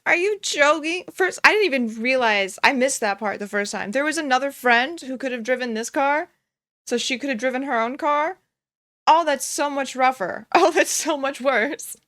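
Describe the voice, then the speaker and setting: A woman's voice: high voice, normal speed, fairly bright tone. A young woman streamer giving casual reaction commentary, often breaking into giggles as she talks. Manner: giggly, keeps breaking into laughter.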